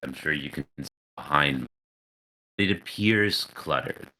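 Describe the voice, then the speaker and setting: A man narrating a tabletop game as game master, unhurried and descriptive. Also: very deep voice, bright, forceful tone, low-quality recording.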